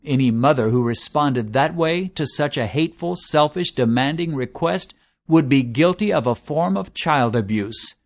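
A man preaching a sermon in an earnest, measured way, slowing down to stress lists of words. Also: medium pitch, lively intonation.

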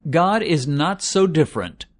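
A man preaching a sermon in an earnest, measured way, slowing down to stress lists of words. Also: a little high, animated.

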